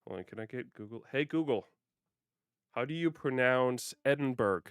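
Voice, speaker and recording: A man chatting through a casual gaming livestream, playful and quick to laugh as he talks to his viewers. His voice is smooth and clear, recorded close on the mic in a dry space with no room echo. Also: medium pitch, animated.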